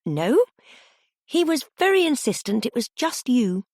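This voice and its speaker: A brisk female kitchen supervisor, put on by a woman narrator, pitched well above the reader's own low voice and husky in tone. She speaks curtly and to the point, in a dry recording. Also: very animated, darkish tone, dry recording, full character voice. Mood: subdued urgency.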